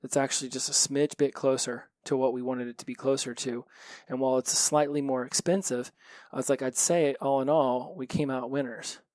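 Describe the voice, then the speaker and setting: A man talks alone into his podcast mic, frank and reflective, with swearing dropped in naturally. His voice sits at an ordinary middle pitch. The sound is dry and close. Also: fairly even intonation, normal speed, a little mellow, dry recording. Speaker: podcast host. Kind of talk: candid solo podcast monologue.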